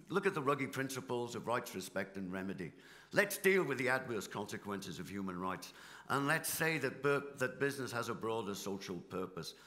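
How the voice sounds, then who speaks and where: Passionate British union leader, bright voice. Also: male voice, mid-range voice. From Britain. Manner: passionate, rhetorical, builds with repetition. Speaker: union leader and debate speaker. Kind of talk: impassioned panel debate speech. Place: conference hall stage.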